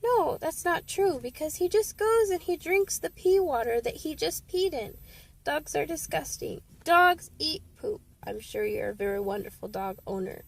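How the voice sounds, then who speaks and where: A woman's voice: high voice, lively intonation, normal speed, vocal fry. A woman who works with dogs, ranting in an exasperated, comic way and laughing often. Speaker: dog care worker. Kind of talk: comic rant.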